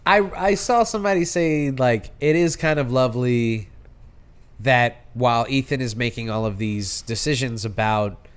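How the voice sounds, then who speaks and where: An American man co-hosting a podcast, chatting casually about a movie, animated and profane, with many restarts. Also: mid-range voice, normal speed, clean tone. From United States. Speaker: podcast co-host. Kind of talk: casual movie review chat.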